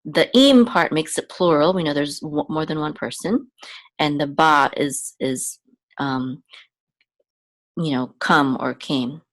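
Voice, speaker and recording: A woman with a low voice teaches Biblical Hebrew at a slow, unhurried pace. She patiently repeats each word several times and checks in with her listeners often. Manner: adds frequent "okay?" checks. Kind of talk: slow step-by-step language lesson.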